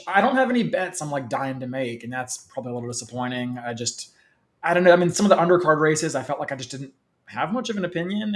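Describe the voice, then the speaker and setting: Easygoing man co-hosting a chat. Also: medium pitch. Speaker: podcast co-host. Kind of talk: casual horse racing chat.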